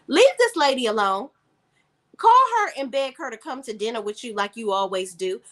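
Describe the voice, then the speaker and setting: Sassy woman recapping a TV episode. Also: fairly high pitch. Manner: sassy, animated, drops in quoted dialogue. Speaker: TV show reviewer. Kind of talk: casual recap and commentary.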